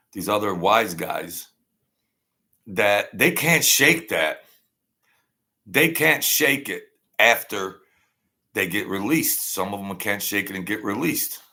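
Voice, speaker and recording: Older male host, gravelly and forceful, blunt and wary in a casual monologue. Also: lowish voice. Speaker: channel host. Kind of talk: rambling casual storytelling.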